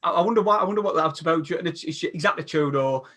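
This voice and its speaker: Chatty man, higher voice. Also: a bit bright. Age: 40s. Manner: chatty, halting restarts, reads viewer comments aloud. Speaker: podcast host. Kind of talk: casual football chat.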